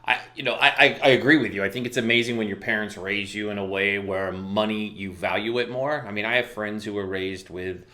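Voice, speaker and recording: A man's voice: on the low side, fairly even intonation, a little fast, few pauses, pushed and bright. A man hosting an interview, responding to his guest in an affirming, conversational way. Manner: affirming, conversational, many restarts. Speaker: host. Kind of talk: interview chat.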